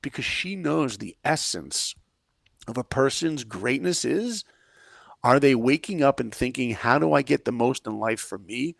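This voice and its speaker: Animated gravelly-voiced male storyteller. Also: unhurried, no room sound, clean studio sound. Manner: energetic, acts out quoted lines with big swings in pitch and volume. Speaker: podcast guest, filmmaker and speaker.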